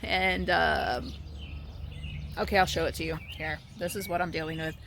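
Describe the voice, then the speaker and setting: A woman's voice: lowish voice, steady tone, moderate pace, gravelly, fairly bright tone, a little hiss or hum. A young woman vlogging in a casual, rambling way, anxious and restarting her sentences often. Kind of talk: casual vlog monologue. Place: at home, indoors and by the car outside.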